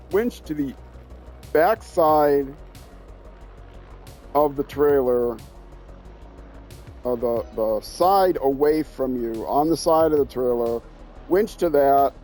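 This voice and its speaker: A man's voice: medium pitch, warm tone. A man streaming a driving game, talking himself through each step with joking asides, with a Minnesota accent. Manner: talks to himself while playing, joking asides. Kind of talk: casual gameplay commentary.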